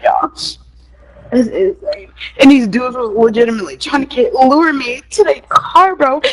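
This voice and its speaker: A woman's voice: high voice, low-quality recording. A young woman, rambling emotionally on a live stream, swearing and laughing nervously, close to tears. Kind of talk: casual live stream chat.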